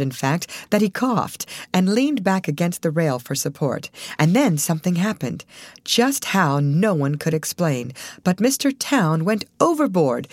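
Low expressive woman reading aloud. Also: unhurried, dry recording. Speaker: audiobook reader. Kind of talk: scripted narration.

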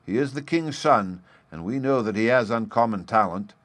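A man's voice: mid-range voice, expressive, normal speed, a bit bright, natural voice. A man voicing a proud, stern old master smith in a storybook reading.

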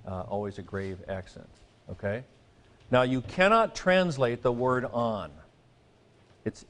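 A man giving a classroom lecture as a teacher, talking conversationally and often checking in with "okay?" and light asides. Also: mid-range voice. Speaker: Greek teacher.

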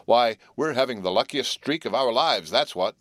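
Excitable, awestruck teenage boy in a storybook, voiced by a man. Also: mid-range voice, normal speed, no room sound, studio quality, voice pushed up, close to an everyday voice. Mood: excited. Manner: exclaiming, awed.

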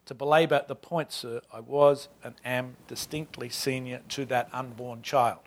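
A man's voice: on the high side, a bit bright, close to an everyday voice. Man reading as a wry old servant, Australian lilt. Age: 60s. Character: wry proud older male servant narrating his life. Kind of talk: reading aloud from a novel.

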